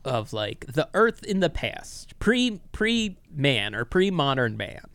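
A man's voice: fairly high pitch, big pitch swings, takes it slowly, fairly bright tone, no room sound. A man co-hosting a podcast in casual chat, talking in a hesitant, thoughtful way. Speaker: podcast co-host.

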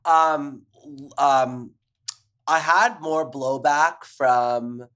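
Animated man chatting with many restarts. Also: on the high side. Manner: animated, fast, full of restarts and fillers. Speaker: podcast guest, drag performer. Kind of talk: casual chat.

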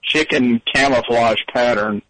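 A male caller on a comedy radio show. He talks in a laid-back, hesitant way, trailing off and playing along with the host. His voice is middle-pitched and sounds dry and close. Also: unhurried, a bit bright, no room sound, low-quality recording. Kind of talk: comedic call-in radio banter.

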